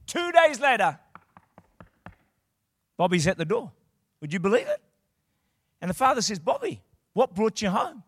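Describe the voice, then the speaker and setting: A man preaching a sermon as a pastor, swinging from quiet storytelling to shouted declarations. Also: sits high, huge pitch swings, a little slow, pauses often, breathy edge, dry recording, clean studio sound.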